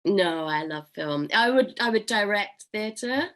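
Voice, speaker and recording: A woman's voice: medium pitch, expressive, unhurried. A young adult woman from England, an actress, chatting casually as an interview guest and laughing often.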